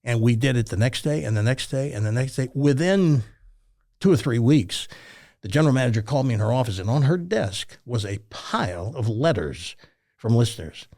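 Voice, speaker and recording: A man's voice: mid-range voice, normal speed. An older man from Tennessee, a former radio host telling stories in an interview and acting out the dialogue. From Tennessee, USA. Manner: animated storyteller who acts out quoted dialogue. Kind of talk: storytelling in a casual interview.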